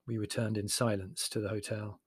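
A man narrating a memoir as an audiobook with wry, expressive storytelling. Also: lowish voice, fairly quick, loud music behind the voice.

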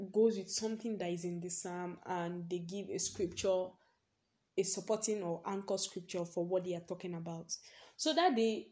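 A woman's voice: fairly low pitch, a little mellow. Chatty young woman podcaster. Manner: chatty storytelling, leans on "basically", laughs often. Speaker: podcast host. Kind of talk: casual personal podcast monologue.

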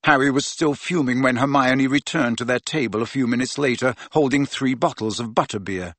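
A man narrating an audiobook in an expressive reading voice. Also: mid-range voice, a little fast, dry recording. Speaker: audiobook reader.

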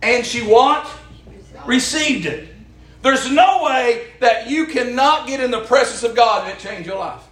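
High-voiced preacher, echoey church. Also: male voice, measured pace. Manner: impassioned, rising to shouts, folksy. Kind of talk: sermon with call and response.

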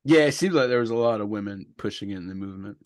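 A man's voice: on the low side, animated, racing, dry recording, studio quality. A man co-hosting a casual podcast, playful and joking with asides. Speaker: podcast co-host. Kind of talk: casual chat.

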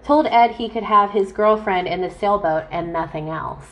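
A woman co-hosting a true crime podcast, telling the case in a blunt, profane, deadpan way. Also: medium pitch, normal speed, muffled recording, slight background noise. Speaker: podcast co-host. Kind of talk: casual true crime chat.

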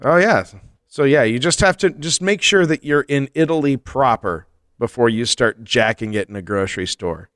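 A man co-hosting a comedy podcast, joking in a deadpan way. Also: mid-range voice, moderate pace, dry recording, clean studio sound. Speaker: podcast co-host. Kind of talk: casual comedic chat.

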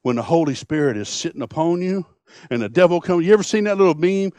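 Folksy preacher, fairly high voice. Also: male voice, quick pace, no room sound. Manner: folksy, impassioned, swings from hushed to booming. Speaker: pastor. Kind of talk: sermon.

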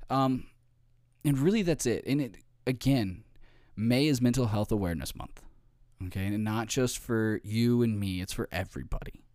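A man's voice: medium pitch, moderate pace, a little mellow, no echo, clean studio sound. A man giving an informal training talk, often checking in with "okay?" and "right?".

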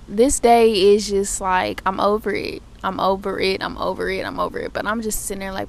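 Animated, profane young woman telling a story. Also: medium pitch, a little fast, vocal fry, few pauses, a little hiss or hum. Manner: profane, animated retelling of her day. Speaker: podcast host. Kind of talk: casual storytelling monologue.

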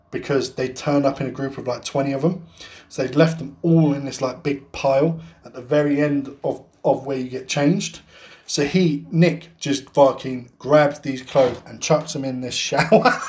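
Foul-mouthed man telling stories. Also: a little high. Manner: heavy swearing, rambling anecdote, laughing through it. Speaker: podcast co-host. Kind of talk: casual storytelling chat.

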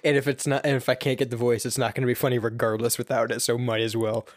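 A young man co-hosting a casual podcast chat, tossing out quick jokes and wordplay. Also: medium pitch, little pitch movement, no room sound, clean studio sound. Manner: joking, quick asides and wordplay. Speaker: podcast co-host and network owner.

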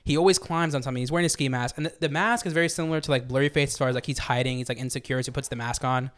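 A man's voice: mid-range voice, steady tone, very fast. A young man rambling enthusiastically in a casual music review chat, full of fillers. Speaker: podcast co-host.

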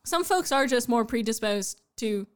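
A woman co-hosting a podcast, talking in animated, playful rants in casual chat. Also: a little high, moderate pace. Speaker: podcast co-host.

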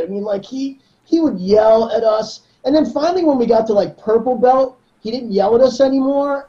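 Mellow man, muffled podcast audio. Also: extremely high pitch. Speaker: podcast guest, jiu-jitsu black belt. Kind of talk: casual chat.

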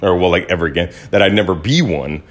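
A man's voice: low voice, fast, slight background noise. A man hosting his own podcast, talking in a blunt, casual monologue with some swearing. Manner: blunt, swears, animated when quoting others. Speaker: podcast host. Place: Los Angeles.

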